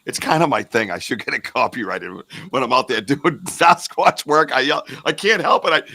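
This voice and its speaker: A man hosting a podcast, telling an outdoor encounter in an animated way and swearing when he gets worked up. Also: medium pitch, moderate pace. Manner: animated, swears and yells when retelling scares. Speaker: podcast host. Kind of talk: casual storytelling interview.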